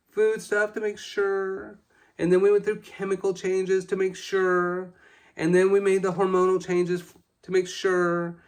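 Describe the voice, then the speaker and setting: A man in his forties, a doctor presenting a patient case in a casual, candid way, self-deprecating and full of fillers. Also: a little high.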